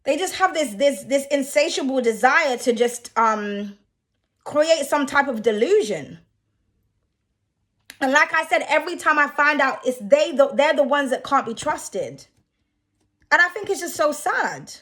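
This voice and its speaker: A woman's voice: high voice, lively intonation, unhurried, fairly bright tone. A young woman who reads tarot, ranting bluntly and with a lot of swearing in a casual vlog. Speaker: tarot reader.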